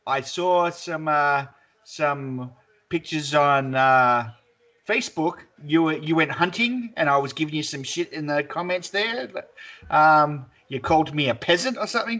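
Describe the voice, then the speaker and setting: A man's voice: a little high, a bit bright. An Australian man co-hosting a podcast, bantering and joking crudely with lots of swearing. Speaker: podcast co-host. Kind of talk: casual banter.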